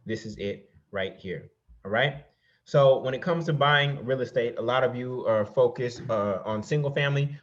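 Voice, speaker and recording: A man of mid pitch delivers a motivational real estate talk with a preacher's push, firing rhetorical questions at his listeners and calling them "y'all". The recording sounds a little dull and lo-fi. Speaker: real estate investing coach. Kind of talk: motivational presentation.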